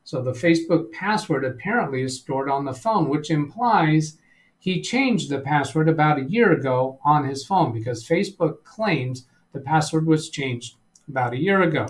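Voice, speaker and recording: A man's voice: on the high side, lively intonation, moderate pace. A man hosting a live tech-help stream, walking through the screen in a chatty, wry way and reading chat logs aloud with dry sarcasm. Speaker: tech support channel host.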